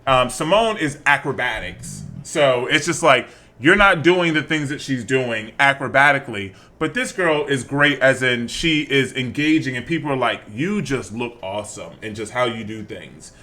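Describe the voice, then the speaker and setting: A man's voice: medium pitch, normal speed, hardly any pauses. A man co-hosting a podcast, telling stories in casual chat with frequent laughs and restarts. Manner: animated, laughing storyteller with many restarts. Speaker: podcast co-host.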